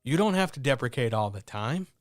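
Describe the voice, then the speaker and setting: Expressive and a little fast, a man's mid-range voice carries a blunt, earnest motivational monologue as he hosts a stream from home with his cats, swearing freely into the mic. The audio is studio quality with no echo.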